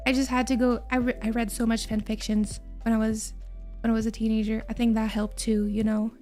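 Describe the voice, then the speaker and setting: A young woman from Quebec, Canada, a native French speaker with a mild Quebec French accent, chats casually with her stream viewers and laughs often. Her voice is on the high side, flat, slightly fast and darkish, over soft background music.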